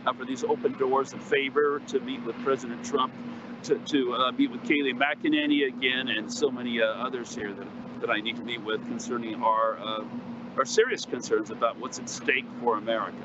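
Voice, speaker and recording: A man's voice: medium pitch, fairly even intonation, a little fast. A man reporting as a correspondent in a remote interview, hesitating with many fillers and restarts. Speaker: White House correspondent guest. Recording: dull lo-fi remote audio with street noise.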